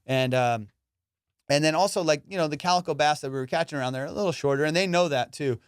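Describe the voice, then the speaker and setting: A man's voice: fairly high pitch, quick pace, clear, resonant tone. A man hosting a comedy podcast, telling a story with lots of swearing and fillers. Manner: animated and profane, with lots of fillers.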